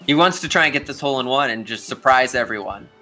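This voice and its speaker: A young man calls a video game golf tournament live, talking casually and turning to address the players directly. His voice is bright and forceful, with average pitch. Faint music plays behind him. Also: expressive, fast talker. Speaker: tournament commentator. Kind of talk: live play-by-play commentary.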